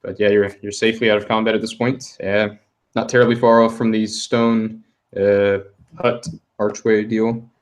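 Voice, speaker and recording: A man running a tabletop role-playing session as game master. He talks casually and loosely. His voice sits a little low. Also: level tone, moderate pace. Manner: casual, loose, with fillers and asides.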